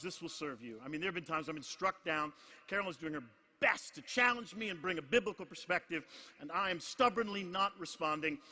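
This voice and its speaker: A middle-aged man preaching a sermon in a large conference hall, emphatic and repetitive, swinging from hushed lines to shouts. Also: high voice. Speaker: pastor. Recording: long hall reverb.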